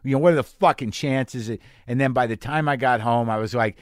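A man's voice: mid-range voice, fairly quick, no room sound, studio quality. A man hosting a podcast from a garage, telling stories in a rambling, profane, self-deprecating monologue. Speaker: podcast host. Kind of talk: casual monologue. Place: garage studio.

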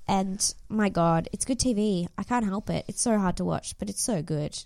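A woman's voice: medium pitch, moderate pace, creaky, few pauses, no echo, studio quality. A woman co-hosting a casual podcast, recapping a reality dating show with frequent laughter and swearing. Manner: animated, laughs often, swears freely. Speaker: podcast co-host.

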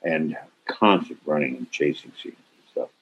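An older man on a video call telling an animated anecdote, acting out quotes with swearing and sudden loud bursts. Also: a bass voice, normal speed. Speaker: actor interview guest. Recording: slightly muffled video-call audio.

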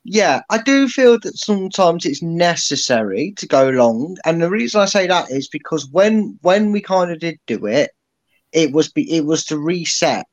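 A man co-hosting a football podcast, joking and giving animated opinions. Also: fairly high pitch, normal speed, lo-fi sound. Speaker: podcast co-host. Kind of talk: casual football chat.

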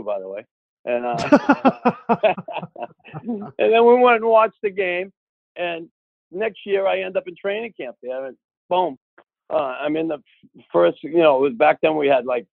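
A man telling a long casual anecdote, lively and acting out the voices of the people he quotes. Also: medium pitch, vocal fry, no echo. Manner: animated, acts out quoted voices. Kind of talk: casual storytelling. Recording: tinny phone-like audio.

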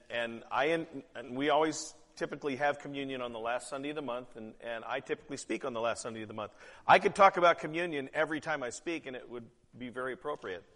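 A man's voice: medium pitch, fairly bright tone. A man preaching a sermon as pastor, candid and conversational, with emphatic asides. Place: church hall. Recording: church hall with long reverb.

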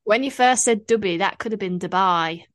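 A woman's voice: medium pitch, no room sound. A young woman co-hosting a podcast, chatting casually in an easygoing, teasing way. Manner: easygoing, teasing, quick to laugh. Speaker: podcast co-host. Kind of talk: casual chat.

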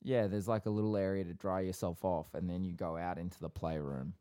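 A man's voice: sits low, fairly even intonation, fairly quick, warm tone, clean tone. A man co-hosting a podcast in laid-back, joking, rambling chat. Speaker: podcast co-host.

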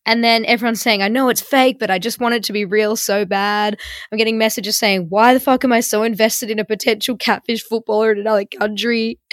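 A woman's voice: medium pitch, a bit bright, no room sound, clean studio sound. A young woman hosting a podcast, telling a story in a chatty, wry way and reading out messages with mock drama. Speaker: podcast host. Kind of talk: casual storytelling chat.

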